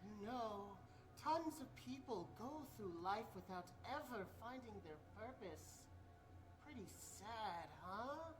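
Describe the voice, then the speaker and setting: A woman's voice: fairly high pitch, animated, slow pace, music in the background. A woman voicing an unhinged young man with a knife in a game, swinging between cheerful and threatening. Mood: menacing. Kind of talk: game character voice acting.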